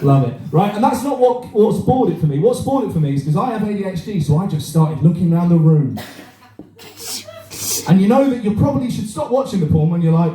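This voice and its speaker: A man's voice: high voice, fast. A man doing a crude, rambling stand-up set, performing live in a cafe bar. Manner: crude, rambling, animated, swears a lot. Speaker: stand-up comedian. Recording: echoey room, mic heard from far.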